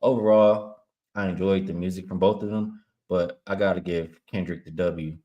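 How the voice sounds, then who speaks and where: A man's voice: low voice, fairly even intonation, normal speed, highs cut off. A man from Los Angeles, a guest on a betting show, talking easygoing casual chat and chuckling often. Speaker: guest sports bettor.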